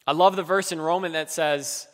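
A man's voice: on the high side, fairly even intonation, normal speed, fairly bright tone. Earnest male preacher in a reverberant hall. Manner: earnest, acts out quoted pleas with rising emotion. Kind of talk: sermon.

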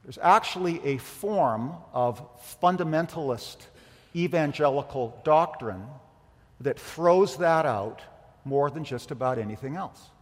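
A man preaching a sermon as pastor, emphatic, with rhetorical questions and swings from loud to quiet. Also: on the high side, lively intonation, unhurried. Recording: long hall reverb.

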